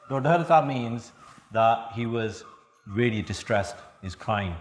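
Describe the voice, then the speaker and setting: Man preaching in an echoey room. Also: medium pitch. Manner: storytelling, sings scripture lines in drawn-out chant. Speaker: Sikh preacher. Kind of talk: katha sermon.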